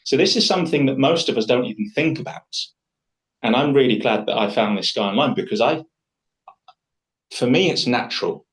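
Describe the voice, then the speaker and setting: A man's voice: medium pitch, animated, brisk, poor audio. A man leading a live public speaking workshop, talking to the group in a chatty, enthusiastic way with frequent restarts.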